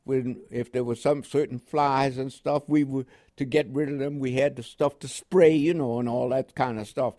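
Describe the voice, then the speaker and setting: A man's voice: medium pitch, steady tone, moderate pace, dark tone, no room sound, studio quality. An older American man telling his story in an oral history interview, in a chuckling storytelling manner with repeated words. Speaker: interviewee, WWII veteran.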